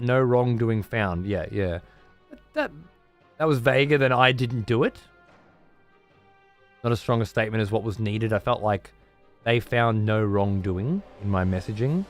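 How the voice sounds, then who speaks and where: A man's voice: fairly low pitch, lively intonation, measured pace, pauses often, faint music behind. A man streaming and chatting casually with his audience, blunt, rambling and full of swearing.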